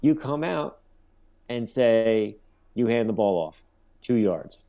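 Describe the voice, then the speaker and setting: A man co-hosting a casual sports podcast, ranting in a profane, rambling, animated way. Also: on the low side, takes it slowly. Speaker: podcast co-host.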